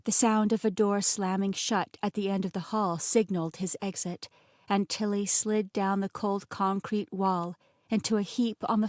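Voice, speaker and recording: Expressive woman narrating an audiobook. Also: medium pitch, dry recording, studio quality. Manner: expressive, voices the characters.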